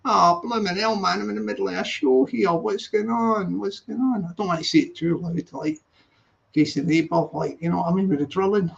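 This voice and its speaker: A man's voice: high voice, brisk, vocal fry. A Scottish man hosting a casual live stream, upbeat and chatty, repeating his greetings. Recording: dull lo-fi sound.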